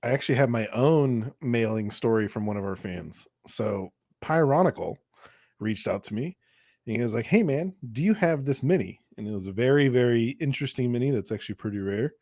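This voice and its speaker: A man co-hosting a gaming podcast, telling stories in a lively way, swearing and laughing as he goes. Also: mid-range voice, a little fast, dry recording, studio quality. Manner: animated storyteller, swears and laughs often. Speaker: podcast co-host. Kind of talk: casual podcast chat.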